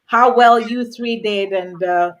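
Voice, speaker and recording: A woman's voice: medium pitch, takes it slowly. Enthusiastic woman host. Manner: enthusiastic, encouraging. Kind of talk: casual video-call interview.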